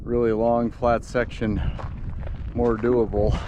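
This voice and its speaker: A man's voice: medium pitch, little pitch movement, slow, muffled recording. A man filming himself during an ultramarathon, chatting casually and upbeat about the race and his mishaps. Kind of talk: casual on-the-trail vlog. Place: outdoors on a desert island trail. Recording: outdoor background noise.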